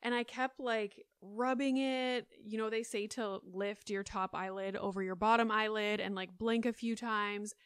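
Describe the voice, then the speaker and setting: A woman's voice: medium pitch, steady tone, measured pace, hardly any pauses, clear, resonant tone, no echo. A woman in her thirties hosting a solo podcast, chatting in a rambling way with lots of fillers, close on the mic. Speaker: podcast host. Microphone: close studio mic.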